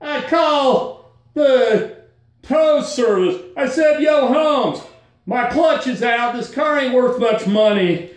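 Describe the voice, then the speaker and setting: A man's voice: slow pace, heavy reverb. A man telling a personal story to camera in a casual, slangy way, acting out the lines he quotes. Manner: animated, acts out quoted lines with jumps in pitch; slangy, folksy. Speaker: vlogger. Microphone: phone held at arm's length.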